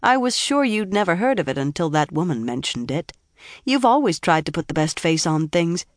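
A woman's voice: lowish voice, sing-song, moderate pace, dry recording. A woman reading an audiobook voicing a self-assured young woman with a cool, condescending manner, in a dry recording. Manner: cool and amused.

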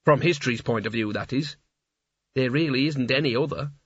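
A man's voice: medium pitch, a little fast, breathy edge, no room sound, dull audio. A man voicing a flustered, fussy male wizard who rambles anxiously. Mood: explaining.

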